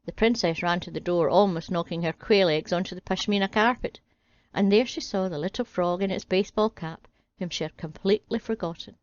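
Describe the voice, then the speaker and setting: A woman's voice: fairly low pitch, a little fast, no echo. A woman narrating a comic fairy tale with a dry, wry delivery. The recording is dull and dry, with no room sound. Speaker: storyteller.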